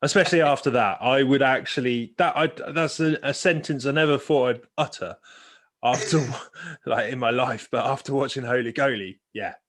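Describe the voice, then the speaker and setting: A man's voice: mid-range voice, normal speed. A man co-hosting a casual podcast chat about football films, chatty, trailing off with fillers and laughing often. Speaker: podcast co-host.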